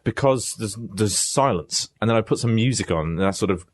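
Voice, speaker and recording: A man's voice: fairly low pitch, lively intonation, brisk, dry recording. A young man rambling through self-mocking stories in casual podcast banter. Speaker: podcast co-host.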